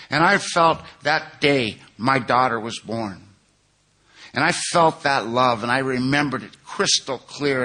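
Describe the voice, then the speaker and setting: A man's voice: mid-range voice, bright, forceful tone. A man from California speaking at a recovery conference, telling his own story in a conversational way and acting out what others said. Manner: storytelling, conversational, acts out quotes. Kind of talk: recovery meeting talk. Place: conference hall.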